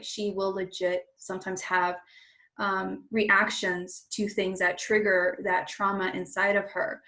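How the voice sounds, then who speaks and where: A woman's voice: medium pitch, a bit bright. A woman hosting a casual interview as a coach, who talks in an encouraging way and says "like" often. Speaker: host and coach.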